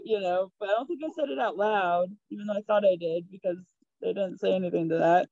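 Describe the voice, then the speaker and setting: A young woman telling a personal story in a chatty, giggly, animated way. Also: mid-range voice, fast, dry recording, lo-fi sound. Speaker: podcast guest. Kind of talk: casual storytelling.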